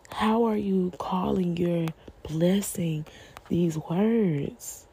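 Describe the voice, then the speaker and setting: A woman's voice: on the low side, extremely slow, dark tone, slightly rough. A woman hosting a faith-based parenting talk, earnest and pleading, asking rhetorical questions. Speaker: podcast host.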